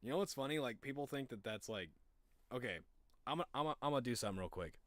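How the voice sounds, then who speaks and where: A young man with a very deep voice, chatting casually on a live stream in a rambling, profane, animated way. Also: fast, no echo.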